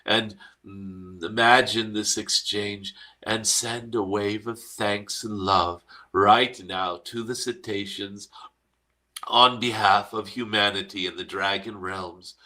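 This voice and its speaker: A man channeling a gentle, wise cosmic dragon spirit in a slow guided meditation, humming "mm" between phrases. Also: on the low side, steady tone. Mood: serene.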